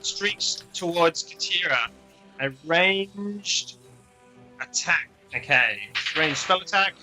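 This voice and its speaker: A man's voice: sits high, expressive, takes it slowly, bright, forceful tone, faint music behind, low-quality recording. A man narrating and running a tabletop game as game master, amused and encouraging. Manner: amused, encouraging, reads out rules.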